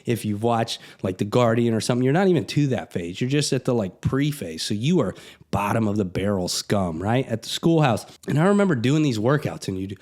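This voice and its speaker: A man's voice: medium pitch, lively intonation, a little fast, darkish tone. A middle-aged man, a real estate broker, giving a blunt, conversational pep talk to camera. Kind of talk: motivational vlog talk.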